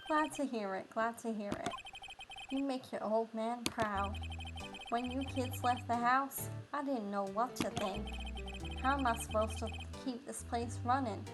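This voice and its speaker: A woman putting on a frail old man, slow and wavering, fond and rambling, pitched high for an old guy. clear game music plays under him. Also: steady tone, natural voice. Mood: doddering. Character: fragile, rambling old man, pasta shop owner.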